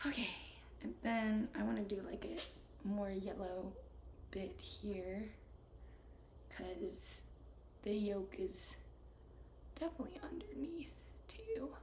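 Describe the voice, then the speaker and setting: A woman's voice: medium pitch, little pitch movement, takes it slowly, long pauses, a little mellow, slight background noise. A young woman from South Carolina, chatting casually while she paints, swearing freely, ranting, and muttering half-whispered asides to herself. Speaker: vlogger. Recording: roomy echo with faint ambience.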